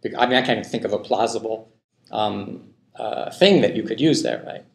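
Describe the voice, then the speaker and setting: A man's voice: on the low side, fairly quick, gravelly. A man giving a university linguistics lecture, thinking aloud with many fillers and frequent "right?" checks to the class. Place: lecture hall. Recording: echoey lecture hall.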